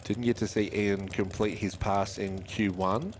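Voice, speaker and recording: A man calling drag races live, chatty and quick with times and speeds. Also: lowish voice, fairly even intonation. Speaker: drag racing commentator. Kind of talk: live race commentary. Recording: faint track noise behind.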